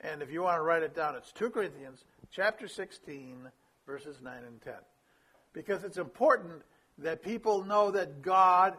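A man preaching a sermon, teaching how to share faith, swinging between quick bursts and slow, quiet emphasis. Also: animated. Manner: varies pace and loudness, drops low for emphasis. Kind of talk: sermon on evangelism.

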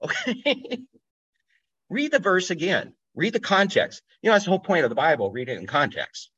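A man's voice: high-pitched, very animated, normal speed, pauses often, a bit bright, slightly rough. A man teaching from the Bible in a conversational sermon style, thinking aloud and asking listeners to stop and think. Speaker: pastor. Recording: dull lo-fi audio.

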